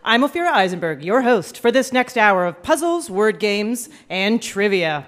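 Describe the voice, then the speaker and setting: A woman's voice: medium pitch, very animated, normal speed. A woman hosting a live radio game show on stage, playful and teasing, laughing often with contestants. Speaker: quiz show host. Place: live comedy venue with audience.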